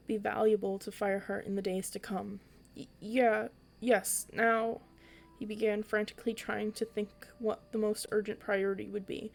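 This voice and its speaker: Woman reading a bedtime story in a flat voice. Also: mid-range voice, vocal fry. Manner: even, occasional slips and restarts. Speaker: storytelling podcast reader.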